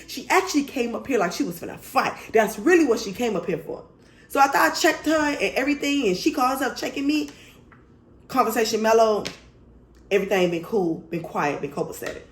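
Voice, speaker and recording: A woman tells a story to her viewers in casual storytime fashion, animated, blunt and full of swearing. Her voice sits a little higher than most, and the room around her rings with a clear echo. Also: a little fast. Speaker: vlogger.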